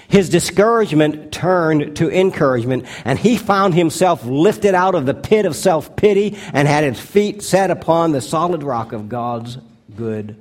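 A male pastor with a slightly high voice preaches earnestly and deliberately, slowing to stress key words and dropping to a hush for his appeals.

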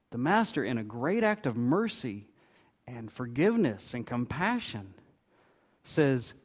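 A man's voice: medium pitch, very animated, normal speed. A middle-aged man preaching a sermon, telling a parable with expression and briefly voicing its characters. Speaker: pastor.

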